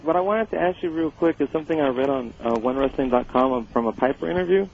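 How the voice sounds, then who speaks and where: A man from Texas calling into a radio show, asking quick, casual questions. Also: fairly high pitch, vocal fry. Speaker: caller. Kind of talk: phone-in question. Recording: dull lo-fi call with faint noise.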